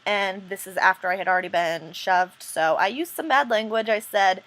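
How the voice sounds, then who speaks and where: A woman talks straight to her camera in a casual vlog, retelling a story in a rambling, self-interrupting way. Her voice sits at an ordinary middle pitch for a woman. She sounds earnest and a little indignant, and she stops and restarts often with "um.". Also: moderate pace, hardly any pauses, a bit bright, rough recording. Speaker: vlogger.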